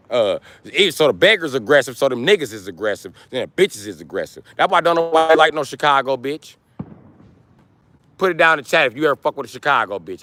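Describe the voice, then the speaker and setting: A man's voice: medium pitch, bright, forceful tone, dry recording. A man livestreaming to his chat in a crude, taunting rant, hammering points home by repeating them, outdoors near parked vehicles. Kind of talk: live stream rant to chat.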